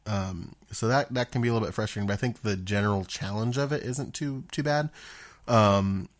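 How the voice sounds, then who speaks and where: A man's voice: fairly low pitch, a little fast. A man talking casually about a video game, hesitant, with frequent ums and restarts. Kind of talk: casual chat.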